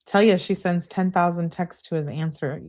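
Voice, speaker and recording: A woman's voice: normal speed, darkish tone. A woman live-streaming, reading text messages aloud with heated emphasis and dropping to dry asides to comment and answer her chat. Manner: reads texts in a raised, heated voice and comments in a lower, dry aside; talks back to chat viewers. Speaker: true crime live streamer.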